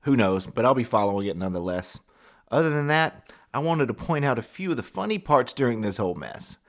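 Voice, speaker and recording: Wry male commentary host, lively pitch. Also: fairly quick. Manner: wry, sarcastic remarks with short laughs. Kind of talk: scripted video commentary.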